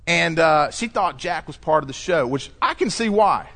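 A male pastor delivering a lively sermon, telling stories and acting out voices as he preaches. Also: on the high side, normal speed. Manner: animated storytelling preacher, shifting pace, acts out quotes.

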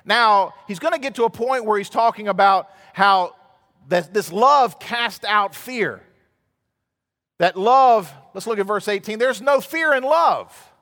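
A man's voice: high-pitched, unhurried, pushed and bright. A man preaching a sermon as a pastor, telling stories conversationally and building to emphatic outbursts. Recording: long hall reverb.

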